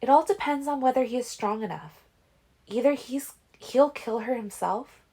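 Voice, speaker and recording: A woman's voice: fairly high pitch, normal speed, dark tone, breathy edge, voice pushed up. A woman reading a fan-made audiobook, voicing an insistent teen girl vampire seer in a raised, lilting voice.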